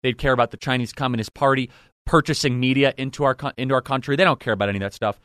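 A man's voice: medium pitch, steady tone, very fast, a bit bright, smooth, no echo, studio quality. A man hosting a political commentary show, delivering an indignant, sarcastic monologue full of rhetorical questions.

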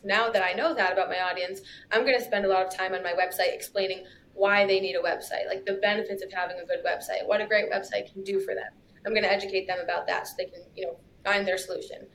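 A young adult woman in a casual podcast interview, chatty and quick, full of asides. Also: mid-range voice, fairly even intonation, a bit bright, slight background noise. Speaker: guest copywriter.

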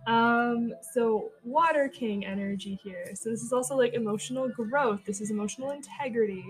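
Woman doing a tarot reading, kinda high voice, says like a lot, swears, stumbles as she goes. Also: normal speed, low-quality recording. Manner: chatty, lots of "like" fillers and casual swearing; thinks aloud, stumbles and restarts. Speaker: tarot reader and podcast host. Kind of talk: casual tarot card reading.

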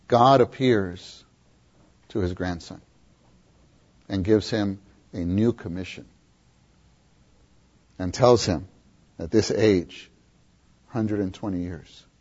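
A man preaching a sermon, often questioning his listeners and repeating words for emphasis, with a husky voice, on a dull lo-fi recording. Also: low voice, sing-song, takes it slowly, long pauses. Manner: questions the audience, emphatic repetition.

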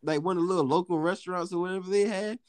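A man's voice: sits high, fairly even intonation, racing, dry recording. A young man in casual chat, animatedly telling a profane work story full of quoted lines and laughter. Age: young adult.

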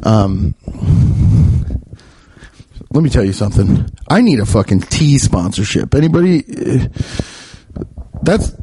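A man's voice: fairly low pitch, very animated, slow pace, long pauses, warm tone, slight background noise. A man in his thirties, a podcast host, rambling through a profane, self-mocking comedic monologue. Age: 30s.

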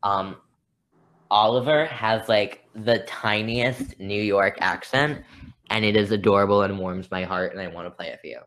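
Woman w a super deep low voice, rambly podcast chat, jokes at herself. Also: fairly even intonation, moderate pace, fairly bright tone. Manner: chatty, rambling, self-deprecating. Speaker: podcast co-host. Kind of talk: casual chat.

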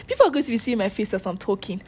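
A woman co-hosting a casual podcast, playful and quick to exclaim, laughing a lot. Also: mid-range voice, sing-song, noisy background. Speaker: podcast co-host. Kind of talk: casual banter.

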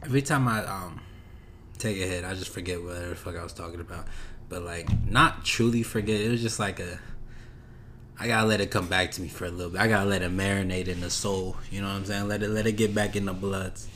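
A man's voice: deep voice, steady tone, fast, a bit bright, a little hiss or hum. A man hosting a casual solo podcast, talking in a laid-back, rambling, slangy way that drifts off topic. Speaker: podcast host.

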